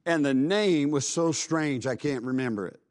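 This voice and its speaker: A man's voice: on the high side, moderate pace, a little mellow. A man preaching, telling a dramatic personal testimony in an earnest voice. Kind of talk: sermon testimony.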